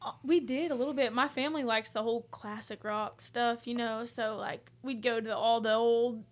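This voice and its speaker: A young woman with an Oklahoma accent chats as a podcast guest. She has a fairly high voice, laughs easily and fills her talk with fillers. Her manner is casual and chatty. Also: steady tone, moderate pace. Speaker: country music artist, guest. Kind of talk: casual chat.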